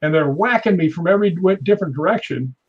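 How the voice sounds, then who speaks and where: 50s guy telling stunt stories on a talk show, bit higher voice, lots of boom and bam noises, dull lo-fi sound. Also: fast. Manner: animated anecdotes with sound effects and chuckles. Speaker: guest stuntman. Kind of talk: casual interview storytelling.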